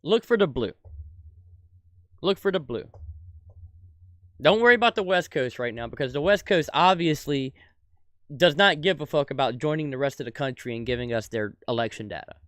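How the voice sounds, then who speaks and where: A man's voice: a little high, animated, moderate pace, pauses often, no echo. Heated, profane man ranting into a dry close mic. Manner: heated, profane, swings from shouting to muttering. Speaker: political commentator. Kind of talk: angry political rant.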